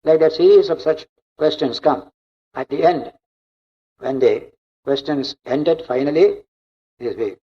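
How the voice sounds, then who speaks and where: A man's voice: mid-range voice, unhurried, long pauses. A man giving a spiritual discourse as a monk, explaining emphatically and repeating key points. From India. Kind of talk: spiritual lecture. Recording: dull lo-fi recording.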